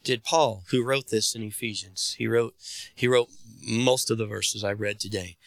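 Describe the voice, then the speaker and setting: Bright-voiced preaching man, dry close sound. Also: on the low side, steady tone, normal speed, creaky, dry recording. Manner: preaching, calls on the congregation to respond. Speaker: pastor. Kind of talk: sermon.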